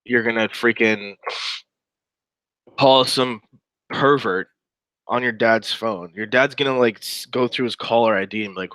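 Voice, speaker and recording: A man's voice: medium pitch, normal speed, pushed and bright, no echo, rough recording. A man giving casual, sarcastic commentary while reading through a chat log aloud, with wry asides.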